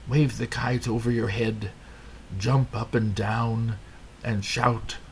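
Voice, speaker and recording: A patient, cheerful frog friend, voiced by a man in a storybook read-aloud. He talks slowly and steadily with a gravelly edge, always calmly encouraging. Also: medium pitch, noisy background.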